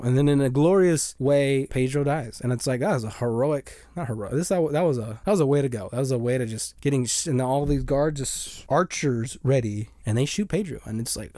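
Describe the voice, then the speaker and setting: A young man casually recapping a movie, rambling and animated, acting out the characters' lines in passing. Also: medium pitch, fairly quick, dry recording, clean studio sound.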